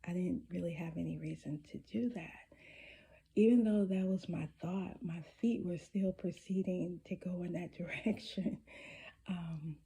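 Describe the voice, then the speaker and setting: A woman telling a personal story in a casual, halting way, with many restarts and some whispered asides. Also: on the low side, steady tone, vocal fry, warm tone, slightly rough. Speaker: spiritual storyteller.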